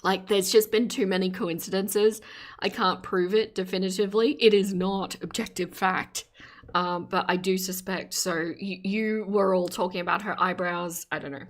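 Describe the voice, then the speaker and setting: A woman's voice: medium pitch, steady tone, moderate pace. A woman hosting a casual livestream, reacting to clips and chatting with her viewers in a giggly, rambling way as she reads their comments aloud. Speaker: streamer host.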